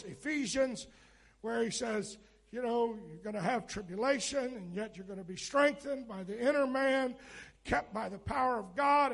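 A man preaching a sermon as pastor, fervent and rising to shouts, with candid conversational asides. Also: very high-pitched, gravelly.

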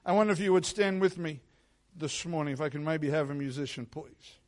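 A man giving a sermon as pastor in a church, moving from quiet reflective teaching into loud, fervent prayer. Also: a little high, fairly quick. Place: church sanctuary. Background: soft instrumental music.

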